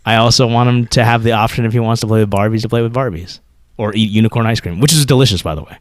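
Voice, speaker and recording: A man in his thirties co-hosting a podcast, telling animated stories, swearing freely and acting out quotes. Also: fairly low pitch, very fast, no room sound, clean studio sound. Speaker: podcast co-host. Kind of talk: casual chat.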